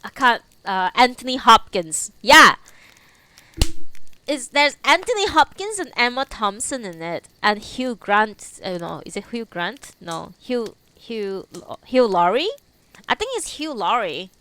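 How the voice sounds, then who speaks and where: A woman's voice: on the high side, very animated, measured pace, sharp tone, smooth. Giggly young woman chatting with viewers. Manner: giggly, chatty, talks back to chat. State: teary after crying. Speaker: live streamer reading books to chat. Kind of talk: casual chat between readings.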